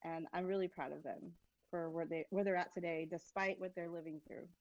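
A woman's voice: lowish voice, steady tone, brisk, no echo, lo-fi sound. A middle-aged woman telling her story in an interview, candid and emotional, often laughing. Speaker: guest, migraine advocate. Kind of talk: personal interview answers.

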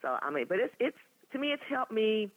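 Woman in her 60s, interview guest, animated and talkative, tinny phone line. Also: fairly high pitch, a little fast. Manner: animated, talkative, frequent laughter and restarts. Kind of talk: candid conversational storytelling. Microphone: telephone.

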